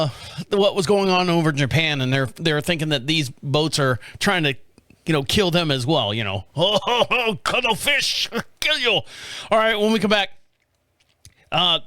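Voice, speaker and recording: A man's voice: fairly high pitch, a bit bright, no echo. A man hosting a casual radio podcast from a studio, telling rambling stories and chuckling often. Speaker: podcast host.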